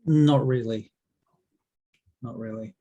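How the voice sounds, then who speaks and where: A man narrating as dungeon master, relaxed and often pausing with ums. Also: mid-range voice, muffled recording. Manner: relaxed, hesitant with many ums. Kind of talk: narrating a tabletop game.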